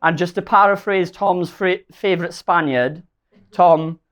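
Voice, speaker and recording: A young man with a slightly high voice, giving a best man toast at a wedding reception. He rambles and loops back on himself. He gets emotional and laughs at his own stumbles. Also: a little slow, fairly bright tone. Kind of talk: wedding speech.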